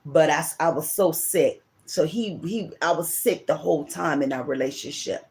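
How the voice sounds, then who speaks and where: A woman's voice: deep voice, moderate pace, a little mellow. Rambling, emotional middle-aged woman. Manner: rambling, emotional, repeats herself. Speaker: tarot reader and channel host. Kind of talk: personal storytelling to camera.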